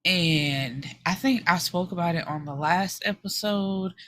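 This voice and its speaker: A woman hosting a book podcast, casually retelling a story in an animated, frank way, slipping into the characters' lines and swearing now and then. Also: fairly low pitch, a little slow, a little hiss or hum.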